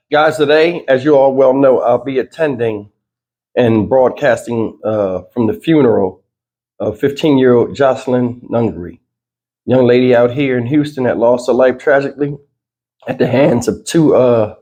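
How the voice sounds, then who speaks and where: A man hosts his own commentary channel in a rambling, filler-heavy way. His voice is dark and mellow and still has its morning roughness, pitched about middle for a man. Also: normal speed, muffled recording. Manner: loose, rambling delivery with frequent fillers. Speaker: channel host. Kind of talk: casual news commentary vlog.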